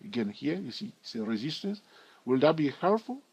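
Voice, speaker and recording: A man's voice: fairly high pitch, sing-song, brisk, a little mellow, husky. A man giving a screen-recorded chart tutorial in a chatty way, thinking aloud and asking his viewers questions. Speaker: trading educator.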